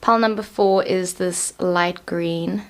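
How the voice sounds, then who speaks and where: A woman's voice: fairly low pitch, steady tone, takes it slowly. A woman, chatting and rambling in a bubbly way as she hosts a casual tarot reading vlog. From South Africa. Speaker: tarot reader.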